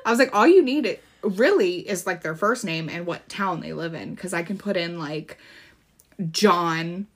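A woman's voice: lowish voice, expressive, normal speed. A young woman from Florida co-hosting a true crime podcast, chatting casually in a blunt, profane way and often laughing. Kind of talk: casual chat.

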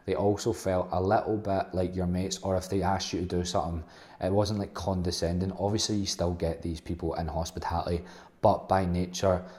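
A man's voice: low-pitched, dark tone. A young man telling a rambling, blunt and sweary personal story as a casual vlog host.

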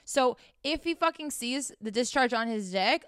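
A woman's voice: on the high side, lively intonation, normal speed, a bit bright, smooth, no echo, clean studio sound. A young woman hosting a frank, casual monologue, blunt and profane as she talks straight to her listeners. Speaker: host.

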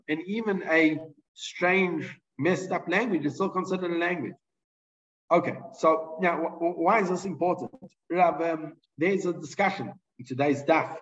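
A man's voice: on the high side, moderate pace, distant mic, highs cut off. A man teaching a Torah lesson, reading Hebrew and Aramaic sources aloud and explaining them in English, with frequent restarts and fillers. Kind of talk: halachic lesson with Hebrew quotes.

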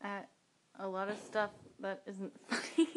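A woman in casual chat with her sister, speaking slowly and hesitantly and often trailing off with "um". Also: medium pitch, little pitch movement, no echo. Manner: hesitant, slow, soft-spoken.

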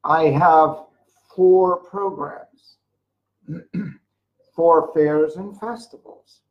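An older speaker giving a motivational sales talk about a jewelry business, telling rambling stories with sudden loud bursts. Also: medium pitch, drawn-out words, lo-fi sound. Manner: mocks whiners in a put-on voice.

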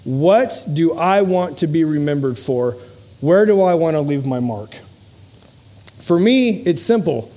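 A man's voice: fairly high pitch, animated, measured pace, mellow. A man giving a motivational speech to a live audience, telling personal stories in an earnest, humorous way. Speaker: motivational speaker and podcast host.

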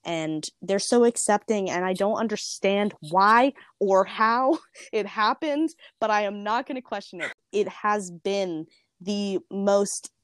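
A woman's voice: medium pitch, takes it slowly, no room sound, clean studio sound. A young woman, telling a personal story in casual chat, with lots of fillers and quotes she acts out. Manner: chatty, frequent "like" fillers.

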